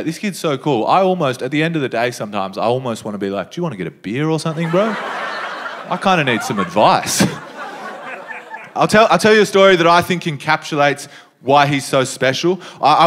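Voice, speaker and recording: A young man doing stand-up, telling stories in a laid-back, conversational way with lively asides. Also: medium pitch. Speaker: stand-up comedian. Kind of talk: stand-up storytelling. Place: comedy stage before a live audience.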